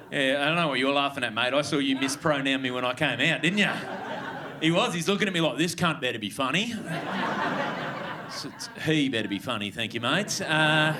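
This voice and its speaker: Bright-voiced Australian man doing stand-up. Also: a little high, slight background noise. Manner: laid-back, swearing, chatty with the crowd. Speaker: stand-up comedian. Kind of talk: stand-up comedy set. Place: comedy club stage with audience.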